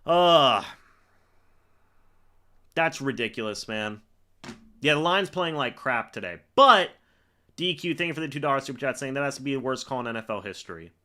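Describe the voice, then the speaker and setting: A man's voice: medium pitch, lively intonation, moderate pace, pauses often, bright, forceful tone. A man on a live stream calling each play and ranting in angry exasperation at the referees. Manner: reads plays aloud like commentary. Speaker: sports reaction streamer.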